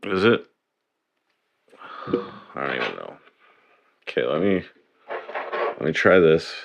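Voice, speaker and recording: Low-voiced dude on his stream, talks slow, cussing at his gear. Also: very animated, gravelly, noisy background. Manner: swearing, grumbling over tech trouble. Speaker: livestream host. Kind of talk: casual livestream chat.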